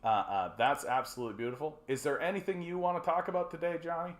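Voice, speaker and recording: Fast and fairly even in intonation, the voice of this Canadian man sits a little high, with a reverberant sound. As host of a casual call-in livestream, he rambles and jokes with lots of swearing, fillers and restarts.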